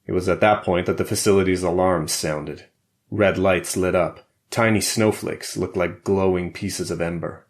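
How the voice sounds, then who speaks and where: Low-voiced guy reading a spy thriller audiobook, steady and measured. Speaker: audiobook narrator. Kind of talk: scripted narration.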